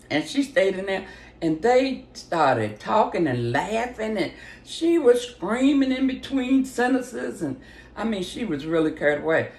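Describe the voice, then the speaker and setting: An older woman giving a casual spoken testimony, retelling a phone call with lively acted-out voices and big jumps in pitch. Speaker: storyteller giving a personal testimony. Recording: roomy echo with faint background noise.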